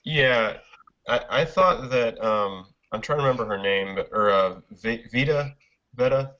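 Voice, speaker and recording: A man's voice: medium pitch, a little slow, bright, forceful tone. A man in a casual film discussion, hesitant and searching for words. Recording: dull lo-fi recording.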